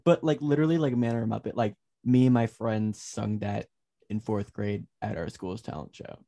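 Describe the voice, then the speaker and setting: A man co-hosting a podcast in casual chat, with a baritone voice, playful and full of questions. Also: moderate pace, vocal fry, dark tone. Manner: chatty, playful, asks many questions. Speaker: podcast co-host.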